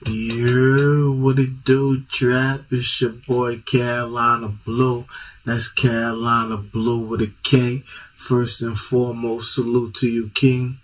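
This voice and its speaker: Male caller, slow monotone delivery, relaxed slang, faint noise behind. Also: medium pitch, poor audio. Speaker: caller asking a question. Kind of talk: casual call-in question.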